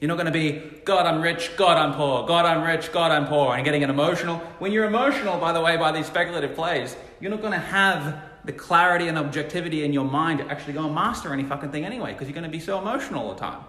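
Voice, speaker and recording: A man's voice: a little high, animated, very fast, pushed and bright, big-room sound. A man giving a casual mini money lesson for his social media stories, blunt and emphatic, swearing freely. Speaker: entrepreneur teaching money lessons.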